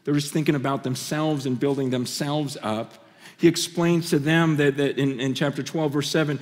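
A man preaching a conference sermon, impassioned and swinging between loud and hushed, often stammering and restarting phrases. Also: a little high, steady tone, normal speed. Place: conference hall. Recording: long reverb of a large hall.

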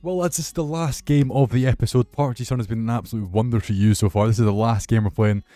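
A young man commentating his football video game with excitable, sweary banter. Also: mid-range voice, fast talker, no room sound, faint music behind. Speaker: gaming YouTuber. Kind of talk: casual gameplay commentary.

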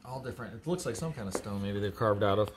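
A man, an auctioneer, giving casual, joking commentary while unboxing, with excited exclamations. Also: lowish voice, quick pace. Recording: noisy background with crinkling.

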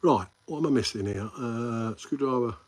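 A man's voice: medium pitch, moderate pace, a little mellow. A man with a Midlands English accent hosting a casual live stream, rambling and answering viewers' comments, calling them mate. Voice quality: friendly banter with viewers, calls them mate.

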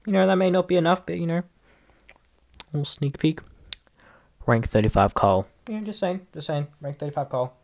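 A man's voice: a little high, animated, normal speed, creaky, long pauses. A man from Australia with an Australian accent, a gaming YouTuber doing casual commentary, ranting in an exasperated way, repeating himself and stumbling over words.

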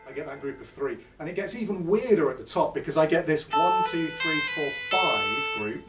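A man's voice: fairly high pitch, animated, normal speed. A man giving a chatty, self-deprecating live guitar lesson to an audience in a music store. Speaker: guitar clinician. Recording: echoey shop recorded from far off, with guitar. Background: guitar playing between phrases.

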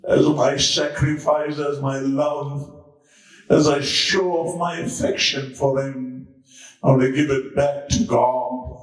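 A man's voice: mid-range voice, level tone, slow pace, pitched below the performer's own voice, close to an everyday voice. A man acting out a grief-stricken childless woman who cries out to God in desperate, tearful pleas. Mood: pleading. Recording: very echoey room, far from mic.

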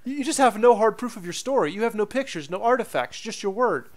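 Man playing an eager young Cockney reporter in a game, earnest and pleading, high voice. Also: lively intonation, fairly quick. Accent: put-on Cockney. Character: eager young male tabloid journalist. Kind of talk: game dialogue read aloud.

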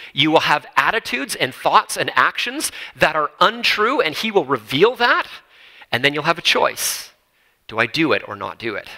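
A man's voice: a little high, bright, forceful tone, rough recording. A male pastor preaching a sermon in an earnest, emphatic way, building lists and asking rhetorical questions. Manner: repeats words and phrases for emphasis.

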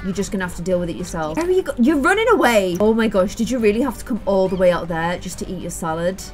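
A woman's voice: mid-range voice, lively intonation, fast talker, faint music behind. A young Irish woman giving casual let's-play commentary, chatty and exasperated as she scolds the characters on screen. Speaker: gaming YouTuber.

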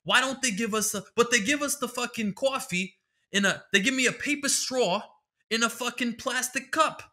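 A man voicing a grumpy old New York man who yells and rants with a New York accent. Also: extremely high pitch, moderate pace, pitched above the performer's own voice. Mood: exasperated rant. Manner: exasperated ranting, profane.

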